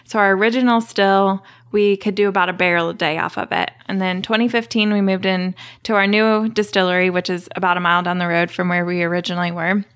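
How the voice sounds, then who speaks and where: A woman's voice: medium pitch, level tone, fast talker, hardly any pauses, a bit bright, clean tone. A woman explaining her distilling work as a guest on an interview show. Her talk is casual and full of detail, with a few "you know"s scattered through. Her voice sits in a mid range.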